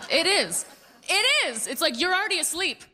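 A woman in her thirties performing a stand-up comedy set, telling stories with playful, animated delivery and mock voices. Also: extremely high pitch, moderate pace, a faint crowd. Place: comedy club stage.

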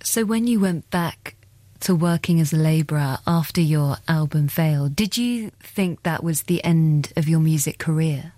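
A woman with a fairly low voice narrates and interviews in a measured, scripted style. The sound is dry and close, recorded in a studio. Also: warm tone, no echo. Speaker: podcast host and narrator. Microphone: dry studio mic.

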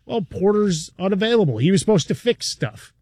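Opinionated sports radio co-host, high voice. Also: male voice, animated, fairly quick, darkish tone, dry recording, clean studio sound. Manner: opinionated, argumentative. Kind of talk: sports talk radio banter.

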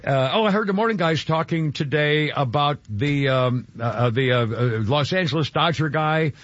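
A man's voice: on the high side, moderate pace, a bit bright, dry recording. A male radio host chatting casually in a studio. He rambles through lists with plenty of ums and restarts. The sound is dull and muffled, and very dry. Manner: rambling, many fillers and restarts.

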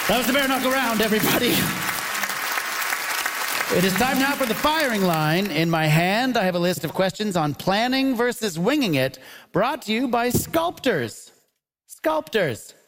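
A man's voice: very high-pitched, noisy background. A man hosting a comedy panel show on stage, jokey and laughing often. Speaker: game show host. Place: stage before a live audience.

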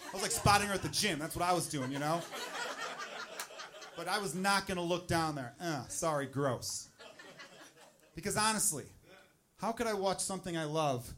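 A man doing a stand-up comedy set, telling a personal story with animated delivery and acted-out voices. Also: a little high, brisk. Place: comedy club stage.

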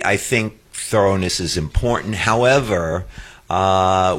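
A man of around seventy from New York, with a New York accent, speaking in a measured way with frequent pauses on a radio chat show. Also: low-pitched, fairly bright tone. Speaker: director of technology, radio co-host.

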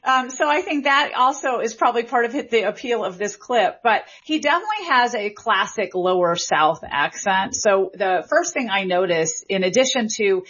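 A woman's voice: mid-range voice, husky. A woman, a linguistics professor, answering questions in a radio interview with an enthusiastic, explanatory manner. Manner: enthusiastic, explanatory, quick bursts when excited. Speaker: linguistics professor and author, guest. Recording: slightly muffled broadcast audio.

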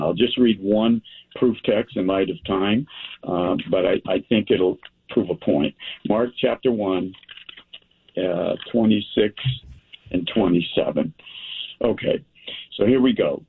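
A man's voice: fairly low pitch, husky. A pastor teaching a men's group from the Bible, reading verses aloud and asking and answering his own questions. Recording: tinny phone-like sound.

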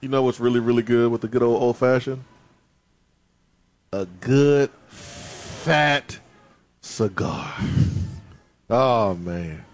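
A man's voice: mid-range voice, slow, long pauses. A man, a sports radio co-host bantering and teasing on a live broadcast from a bar. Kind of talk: casual sports talk banter.

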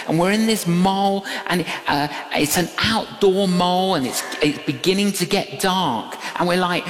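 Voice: medium pitch, lively intonation, measured pace. An older preacher giving a sermon, telling a story with emphatic repetition and quoted dialogue. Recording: echoey hall with long reverb.

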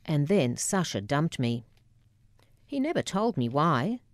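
A woman narrating her memoir in a measured, deliberate, wry way. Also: low-pitched, big pitch swings, no room sound.

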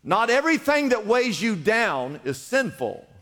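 A man with a high voice preaches from the pulpit, pressing each point home with repeated urging. His words ring out with a long reverb in a church hall. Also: sing-song, a little slow, fairly bright tone. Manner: emphatic, repetitive exhortation. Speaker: pastor. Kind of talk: sermon. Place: church in Los Angeles.

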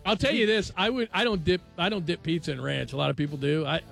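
A man's voice: on the high side, quick pace, gravelly, soft background music. A man hosting a late-night radio sports show, chatting casually and joking with his co-hosts. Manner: animated, jokey, laughs often.

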